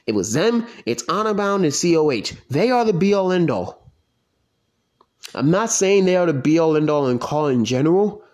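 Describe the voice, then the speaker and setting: Man, angry profane rant, higher voice that swings wildly up and down. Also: very animated, moderate pace, a little mellow. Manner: profane, heated, pitch swinging widely. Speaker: online wrestling league fan.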